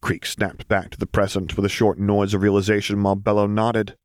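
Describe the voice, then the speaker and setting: A man narrating a story in a steady, gentle audiobook reading. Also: on the low side, fairly quick, dry recording, clean studio sound.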